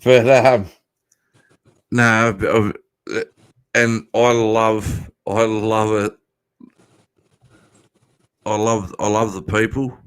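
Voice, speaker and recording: A man with an Australian accent in casual chat, talking fast and swearing freely. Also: lowish voice, little pitch movement, smooth, no room sound.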